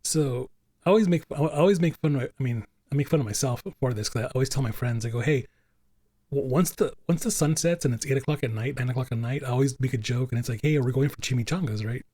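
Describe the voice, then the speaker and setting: This podcast host talks fast in a warm, medium-pitched voice, and the recording is dry. He chats casually and rambles, with lots of fillers and restarts.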